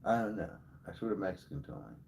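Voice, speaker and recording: A man's voice: sits low, big pitch swings, quick pace, vocal fry, darkish tone, slight background noise. A man hosting a livestream, telling a rambling comic story to his chat in a profane, joking, tall-tale way. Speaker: livestream host.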